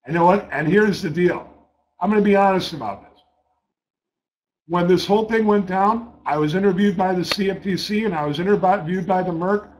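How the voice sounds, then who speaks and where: A man's voice: fairly high pitch, low-quality recording. Blunt, swearing male trader telling a story. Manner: blunt and profane, repeats words when worked up. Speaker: trader recounting a trading-desk story. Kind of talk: casual spoken storytelling.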